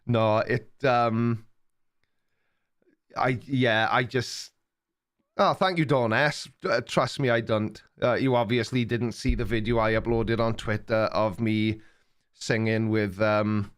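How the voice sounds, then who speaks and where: A man's voice: mid-range voice, fairly even intonation, takes it slowly, clear, resonant tone. Older man, welsh accent, casual rambling livestream chat, teasing. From Wales. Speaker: livestream host reading chat. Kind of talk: casual live-stream chat.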